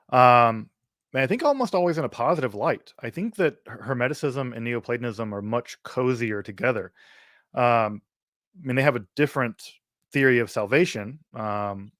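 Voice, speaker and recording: A man's voice: on the low side, no echo, studio quality. A man from Mississippi hosts a livestream Q&A, speaking thoughtfully with many fillers and restarts. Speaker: host answering viewer questions.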